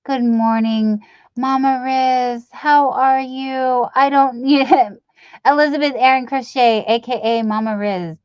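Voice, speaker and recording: A woman chatting slowly on a home live stream, rambling as she reads out viewers' messages. Her voice sounds dull and lo-fi. The room is dry and close, with no echo. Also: high voice, fairly even intonation, darkish tone, clear, resonant tone. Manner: rambling, reads chat aloud, self-deprecating. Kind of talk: casual live-stream chat.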